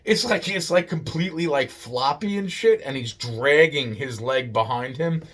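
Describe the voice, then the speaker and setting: A man's voice: mid-range voice, lively intonation, moderate pace, a bit bright. Male storyteller, casual and profane, loose rambling delivery with lots of restarts.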